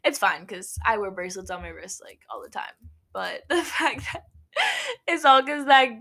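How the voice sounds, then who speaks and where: Young woman from Nebraska, casual vlog storyteller, giggly, filler-heavy, mid-pitched voice. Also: animated, normal speed, gravelly, pushed and bright. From Nebraska, USA. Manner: chatty, laughs often, many "like" fillers. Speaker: vlogger.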